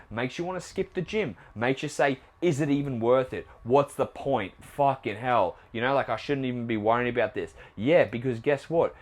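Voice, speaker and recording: A young man hosts a fitness podcast at a medium pitch. He talks bluntly and swears freely. He keeps firing rhetorical questions at his listeners. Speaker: podcast host and trainer. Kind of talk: casual motivational monologue.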